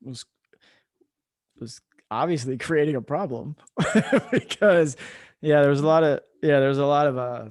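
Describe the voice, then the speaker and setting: A man's voice: a little high, normal speed, dry recording, clean studio sound. An American man in his thirties, an army veteran hosting a casual podcast chat, telling stories animatedly and swearing freely. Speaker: podcast host; army veteran, former drill sergeant.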